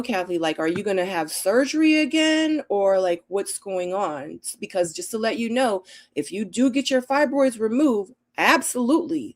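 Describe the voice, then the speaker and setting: A middle-aged woman hosting a casual live Q&A and reading viewer comments. She talks in an animated, emotional way. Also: medium pitch. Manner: animated and emotional, acts out her own quotes with laughter. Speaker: livestream host.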